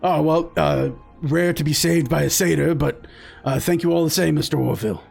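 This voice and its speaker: A man's voice: fairly high pitch, moderate pace, vocal fry, darkish tone, breathy edge, soft background music, full character voice. A man voicing a folksy rural farmer who stammers and speaks in a plain country drawl. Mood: grateful. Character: folksy rural male farmer, shaken but grateful.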